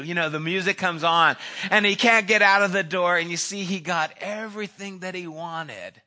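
Man, pastor, sermon, bright voice, slightly high, animated storytelling. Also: moderate pace. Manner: storytelling, acts out dialogue in voices.

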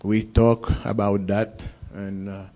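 A man from Haiti with a Haitian accent, telling his own story in an interview, halting and searching for words in English. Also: fairly low pitch, level tone, mellow. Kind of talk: personal account in an interview. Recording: dull lo-fi recording.

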